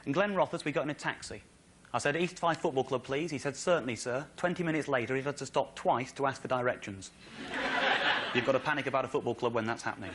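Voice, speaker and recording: An English man telling a story on stage as a stand-up comedian, excitable, with incredulous outbursts. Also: fast, noisy background. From England. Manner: excitable, builds to incredulous high-pitched outbursts. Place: stage in front of a live audience.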